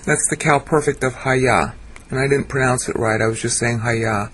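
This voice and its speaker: A man giving a screen-share Bible lesson, sounding out Hebrew and Greek words slowly and correcting himself as he goes. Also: mid-range voice, fairly even intonation, a bit bright, slight background noise. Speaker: Bible teacher.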